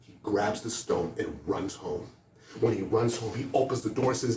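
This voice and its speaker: A man's voice: on the low side, normal speed, warm tone, a little hiss or hum. A man speaking as a motivational speaker, animatedly telling a story to students and building to urgent emphasis. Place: school hall. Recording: echoey room from a distance.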